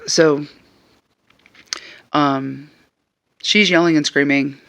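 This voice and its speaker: Man, casual storytelling, exasperated, gravelly, bright, a bit high. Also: extremely slow. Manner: animated, exasperated retelling. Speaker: vlogger.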